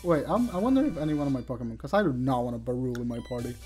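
A man's voice: mid-range voice, very animated, very fast, mellow, faint music behind. Sweary, teasing man playing a game. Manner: swears a lot, teasing and sarcastic. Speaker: let's play player. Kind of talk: casual gameplay chat.

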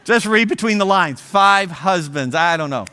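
A man's voice: sits high, animated, moderate pace, sharp tone, smooth. A man in his sixties from Ohio, a guest speaker telling a story in a humorous sermon, with joking asides to the audience. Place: church auditorium.

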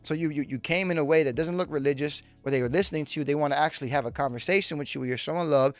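A man preaching a teaching sermon in a voice pitched a little high, driving his points home by repeating them and speaking straight to his listeners. The recording is dry and close, with faint music underneath. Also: very fast, no echo. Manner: emphatic, repetitive, direct address to listeners. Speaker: pastor.

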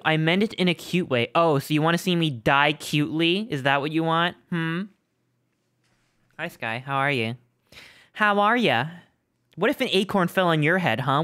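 A man's voice: fairly high pitch, a bit bright, no echo, clean studio sound. A man streaming a game live, chatting playfully, teasing viewers and greeting them by name from a home setup. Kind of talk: casual live-stream chat.

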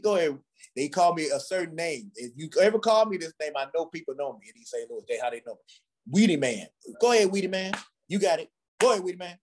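A man from Ghana, a drummer, tells childhood stories in a relaxed conversation. His voice is a little husky, and his pitch swings lively up and down as he acts out the people in his tales. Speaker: guest drummer. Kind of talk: storytelling in a conversation.

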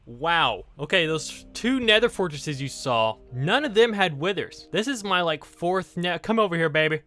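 Excitable gaming man, lively bright voice. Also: fairly high pitch, moderate pace, faint music behind. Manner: excitable, exclaims and laughs often; talks directly to viewers. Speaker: gaming YouTuber. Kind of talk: Let's Play commentary.

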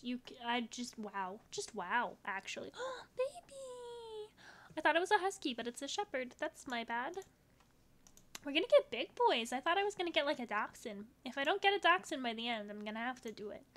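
A woman giving excited game commentary, gushing over virtual pets with squealing baby talk, her voice a little strained. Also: on the high side. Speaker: gaming video creator.

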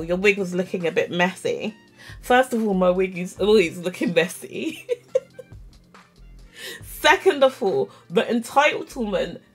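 Chatty woman telling a story. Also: a little high. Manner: animated, self-mocking storytelling full of "like" and quoted dialogue. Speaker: vlogger. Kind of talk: casual storytime chat.

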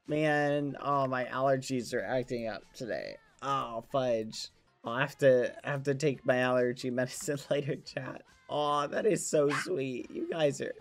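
A young man streaming a game, gushing over gifts with clean stand-in swears, many "aw"s and much laughing. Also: mid-range voice. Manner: says "aw" again and again, laughs often. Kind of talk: live game stream chat.

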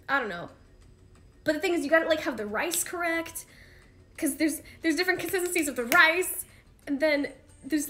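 Young female idol host, chatty and slangy, high voice, livestream from home. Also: bright, forceful tone. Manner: chatty, rambling, slangy with frequent fillers. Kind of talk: casual livestream chat with fans.

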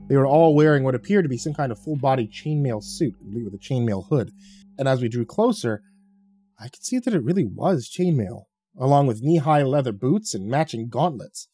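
A man narrating a horror story in a dramatic, expressive way. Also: mid-range voice, slightly rough.

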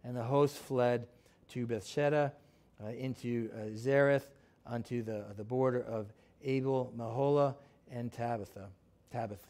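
A man's voice: mid-range voice, steady tone, measured pace, warm tone. A male pastor preaching a sermon, reading scripture aloud and then explaining it in a plain, conversational way with frequent fillers and restarts. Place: church sanctuary.

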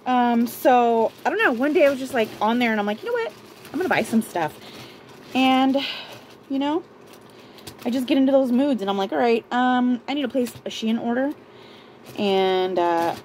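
A woman's voice: mid-range voice, a little hiss or hum, rough recording. A woman vlogger from Southern California, casually chatting through a beauty and clothing haul, rambling and stopping herself often. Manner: chatty, rambling, self-interrupting, laughs often. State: out of breath. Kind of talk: casual haul video chat.

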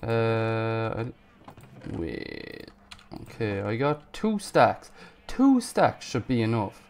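A man giving casual gameplay commentary, panicking, swearing and yelling at enemies. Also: lowish voice, sing-song, slow pace. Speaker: gaming YouTuber.

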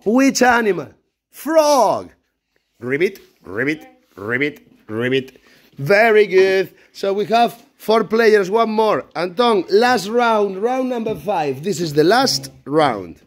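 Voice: medium pitch, lively intonation, takes it slowly, hardly any pauses. A primary school teacher running an animal-word game in a classroom, praising and directing the children. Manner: encouraging, praising each child.

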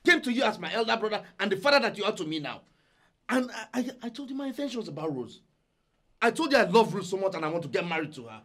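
A man's voice: high-pitched, very animated, fast talker, fairly bright tone, heavily acted. An actor playing a younger brother who firmly insists on marrying the woman he loves. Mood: defiant. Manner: firm, resolute.

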